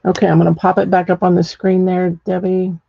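Gravelly, husky woman teaching painting. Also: fairly low pitch, flat delivery, a little fast, no room sound, lo-fi sound. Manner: chatty, thinks aloud while working, many ums. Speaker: ceramics painting instructor. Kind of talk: live painting demonstration.

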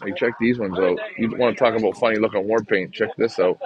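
Chewing gum and chatting cheerfully, a man from Canada walks an outdoor pigeon market for a casual vlog shot on his handheld phone. His voice is lowish and fast with fairly even intonation; the highs are cut off and crowd noise is audible.

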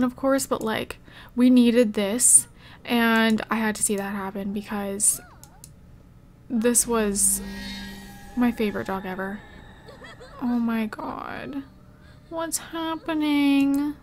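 High-voiced young woman narrating gameplay. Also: a little hiss or hum. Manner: talks to viewers, gasping and exclaiming. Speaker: let's play gamer. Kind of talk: emotional gameplay commentary.

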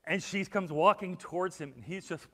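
A man preaching a sermon as pastor, telling stories with acted-out quotes and swinging between hushed and loud. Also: sits high, normal speed, long reverb tail, slight background noise. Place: church sanctuary.

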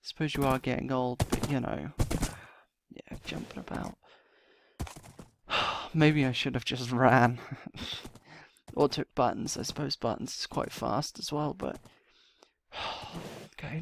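A roleplay series host voices his character in a game role-play, muttering to himself with sighs before pleading urgently, out of breath. His mid-range voice is gravelly and unhurried, with long pauses. There's slight background noise.

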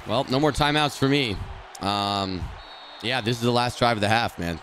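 A man streaming a football video game, talking through each play and often swearing and yelling at the game in frustration. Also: medium pitch, moderate pace, slight background noise. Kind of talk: live gameplay commentary.

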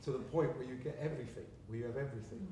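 A man's voice: mid-range voice, very fast, warm tone. A man from England in casual gallery talk, rambling, swearing and laughing as he tells stories. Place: art gallery, indoors. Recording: very echoey room, mic far off, faint background noise.

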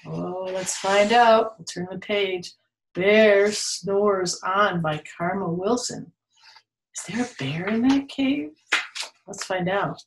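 A woman's voice: mid-range voice, slow. A woman reading a picture book aloud to children, in a playful way, with animal sounds and asides to her listeners. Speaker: storytime reader. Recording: roomy echo.

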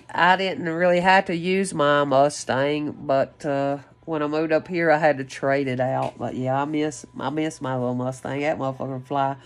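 A woman giving an excitable, rambling channeled spiritual reading, full of gasps, exclamations and casual swearing. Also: sits low. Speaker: spiritual card reader. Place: her home, lives in West Virginia.

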